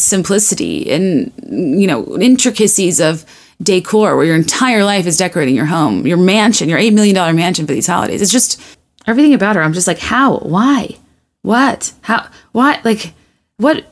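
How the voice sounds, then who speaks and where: Rambling, chatty woman podcast host. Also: fairly low pitch. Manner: rambling, chatty, self-deprecating with frequent laughs; restarts often and stacks quick asides. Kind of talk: casual monologue.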